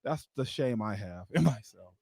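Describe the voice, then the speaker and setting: A man's voice: medium pitch, lively intonation, normal speed, creaky, dark tone, breathy edge, no room sound. A man performing a live stand-up comedy set into a stage mic, rambling with lots of "like" and laughing at his own jokes. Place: live comedy show venue.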